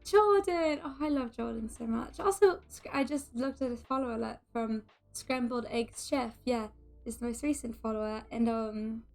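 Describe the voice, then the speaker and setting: A woman's voice: fairly high pitch, moderate pace, darkish tone. A woman streamer in casual, bubbly chat, greeting and thanking her viewers by name.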